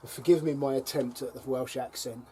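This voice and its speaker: A middle-aged man vlogs from his allotment by a fire, chatting casually to camera with wry stories, chuckles and dry jabs. The mid-range voice is steady and dark, moving fairly quickly, and a little hiss or hum sits under it.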